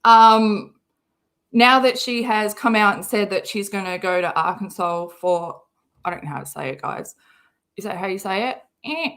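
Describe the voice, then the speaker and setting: A woman's voice: mid-range voice, normal speed, a bit bright. A young woman hosting a casual live stream from her car, greeting viewers by name and swearing often.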